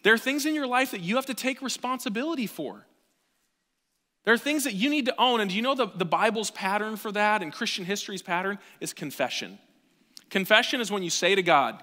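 A man in his thirties, a pastor, preaching a sermon with animated delivery, dropping to quiet asides and rising almost to a shout. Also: high voice, brisk, long reverb tail. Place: church sanctuary.

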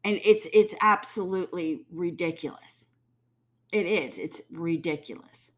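A woman's voice: lowish voice, measured pace, fairly bright tone. A woman giving heated, blunt commentary, swearing freely and mimicking people mockingly. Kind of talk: ranting commentary.

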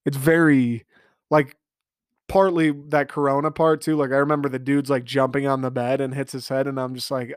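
A man's voice: mid-range voice, flat delivery, moderate pace, smooth, no room sound, clean studio sound. A man hosting a casual solo podcast, ranting in a profane, exasperated way from his family room at home. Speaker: podcast host.

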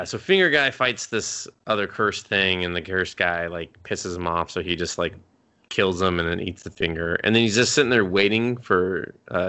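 A man's voice: low-pitched, sharp tone. A young man co-hosting a podcast, rambling loosely and swearing freely as he retells scenes. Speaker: podcast co-host. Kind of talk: casual chat recapping anime.

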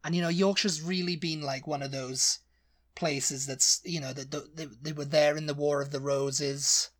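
A man's voice: a little high, fairly even intonation, normal speed. A man with a British accent, chatting casually as a podcast co-host, rambling and often correcting himself. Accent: British English. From Britain. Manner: rambling, hesitant, self-correcting. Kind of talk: casual chat.

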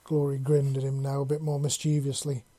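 Very mellow, dry-voiced story narrator. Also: mid-range voice, completely flat delivery, brisk, dry recording. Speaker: audiobook narrator. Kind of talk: reading fan fiction aloud.

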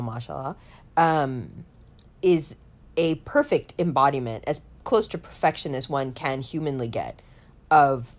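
A middle-aged woman telling a story in a casual chat, animated and swearing, saying "like" a lot. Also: extremely low pitch. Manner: animated, swearing, heavy use of "like".

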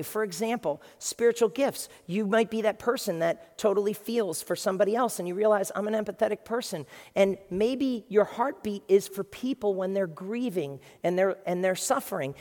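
A male pastor preaching to his congregation in a lively, conversational way, with quick asides to the room. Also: high voice. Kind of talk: sermon. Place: large church hall with a congregation. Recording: long reverb of a large hall.

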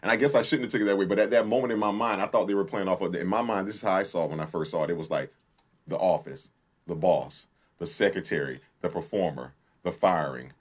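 A man with a lowish voice talks quickly in loose, casual podcast chat. He swears freely and acts out the lines he quotes. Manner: fast, animated retelling with acted-out quotes and swearing. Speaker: podcast co-host. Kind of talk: casual film discussion.

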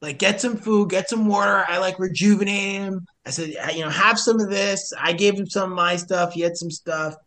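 A man's voice: high voice, normal speed, hardly any pauses. A man telling a story in a casual podcast chat, acting out both sides of the dialogue with sudden rises in voice. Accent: American. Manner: animated, acts out the dialogue in a raised voice, swears mildly. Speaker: podcast guest, hiker and rescuer.

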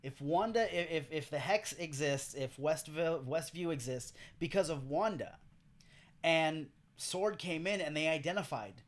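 Animated man chatting casually. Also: fairly high pitch, normal speed. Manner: animated, profane, acts out quotes. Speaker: podcast co-host. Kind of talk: casual chat. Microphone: headphones and studio mic.

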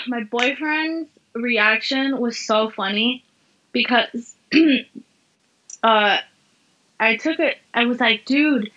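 A woman's voice: fairly high pitch, bright, forceful tone, highs cut off. A young woman casually telling a personal story, candid and swearing freely. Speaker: podcast guest.

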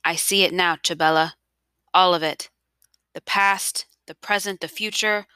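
A woman voicing an elderly grandfather, earnest and pleading about the past, then quietly resolute, in a storybook reading. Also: on the low side, fairly even intonation, measured pace, clear, resonant tone, no room sound. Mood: calm. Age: over 60. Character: remorseful elderly grandfather, former official, now resolved.

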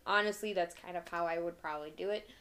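A woman's voice: on the low side, fast talker, a bit bright. A young woman co-hosting a podcast, chatting casually and laughing often while watching a movie with friends. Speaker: podcast co-host. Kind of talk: casual watch-along chat.

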